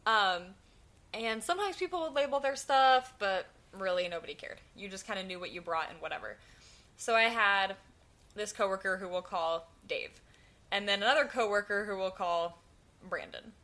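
A woman's voice: medium pitch, normal speed. A young woman co-hosting a podcast, telling a workplace story with lots of laughter in casual chat. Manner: animated storyteller, laughs often. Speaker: podcast co-host.

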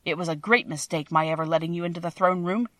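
A woman's voice: lowish voice, fast talker, a bit bright, no room sound, natural voice. A woman voicing a timid little male wizard who is a humbug, speaking meekly in a trembling voice. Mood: pleading. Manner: trembling, meek, pleading.

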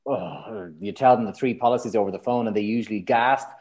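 His pitch is fairly low and he talks fairly quickly, with an Irish accent. As a podcast guest and matchmaker, he gives an open, conversational interview, animatedly telling stories and playing out clients' remarks.

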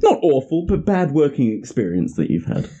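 A man's voice: a little high, huge pitch swings, moderate pace, warm tone, lo-fi sound. A young English man with a British accent hosting a podcast in casual chat, laughing often and acting out the people he quotes. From England. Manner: chatty, laughs often, acts out quoted voices. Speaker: podcast host.

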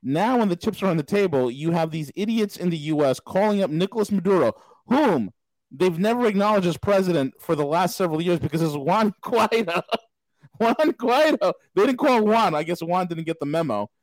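A man's voice: high-pitched, lively intonation, a little mellow, dry recording, poor audio. Emphatic male host, dry close sound. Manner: emphatic, scornful, quick agreement. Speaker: podcast host. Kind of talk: casual interview talk.

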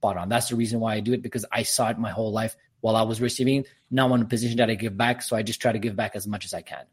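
A man's voice: fairly low pitch, fairly even intonation, racing, breathy edge. A man who works as a professional speaker and coach, answering questions as a podcast guest in an emphatic, motivational way. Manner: emphatic, motivational, talks in long runs.

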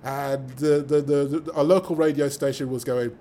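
A British man, a mathematician guest, telling stories with lively energy, acting out the voices of people he quotes and laughing as he goes. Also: mid-range voice, fast talker, few pauses, slight background noise. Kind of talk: animated storytelling in conversation.

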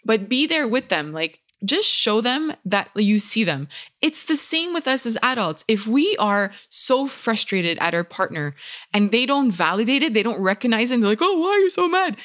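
A middle-aged woman, a neuroscientist guest, explaining in relaxed conversation and acting out little quoted scenes. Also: on the high side, normal speed. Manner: animated, acts out quoted parents and children.

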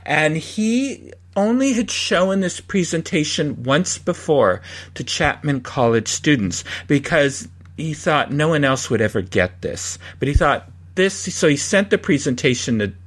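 Chatty man with a higher voice. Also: animated, a little slow. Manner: rambling, laughing, many restarts and fillers. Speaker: podcast host. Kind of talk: casual storytelling recap.

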